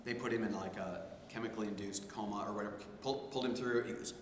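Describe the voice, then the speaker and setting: A man's voice: fairly low pitch, fairly even intonation, quick pace. A man teaching a theology class, telling stories in a conversational way with many restarts. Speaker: theology instructor. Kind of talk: informal class discussion. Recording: echoey hall, faint room noise.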